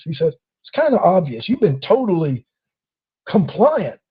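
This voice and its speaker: Male host, lively storyteller, slightly high voice, muffled lo-fi sound. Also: normal speed, breathy edge. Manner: animated storyteller acting out quoted officers. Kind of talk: casual storytelling chat.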